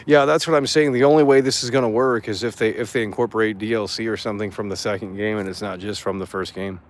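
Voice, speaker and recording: Low-voiced excitable male streamer. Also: fast talker. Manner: excitable, profane, stammering restarts. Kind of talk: casual livestream commentary reading chat.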